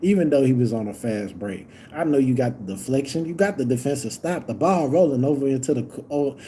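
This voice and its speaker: A young man reacting live to a basketball game, yelling at the players and swearing, moving from low grumbling to loud outbursts. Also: lively intonation, a little fast, slight background noise. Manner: yells at the players, profane and exasperated; swings from low muttering to loud shouts.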